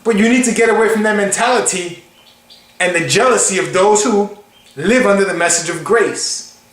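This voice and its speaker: A man's voice: high voice, a bit bright, roomy sound. A man preaching in a casual, conversational way, emphatic and acting out quotes. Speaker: online preacher.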